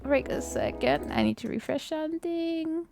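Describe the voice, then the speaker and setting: A young woman live streaming, chatting casually with viewers while playing a game, excitable and laughing often. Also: high voice, moderate pace, creaky, over music.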